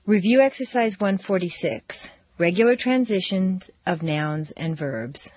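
Slow, carefully enunciating woman teacher. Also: lowish voice, breathy edge, no echo. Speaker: language teacher. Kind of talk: scripted pronunciation drill. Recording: dull lo-fi audio.

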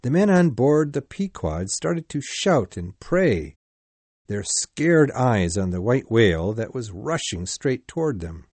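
A man narrating a sea story in a deliberate, clearly paced reading. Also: medium pitch, very animated, a little mellow, no room sound. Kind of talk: slow simplified-English story reading.

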